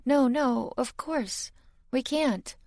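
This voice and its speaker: A woman's voice: sits high, takes it slowly, a little mellow, no echo, clean studio sound, pitched above the performer's own voice. A woman voicing a tearful, compassionate young woman who answers hesitantly, in an audiobook. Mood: anxious.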